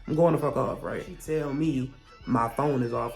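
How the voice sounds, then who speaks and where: A young man telling a storytime vlog, profane and heated, with animated rants he acts out as quotes. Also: medium pitch, normal speed, creaky, faint music behind. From Virginia, US. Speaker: vlogger.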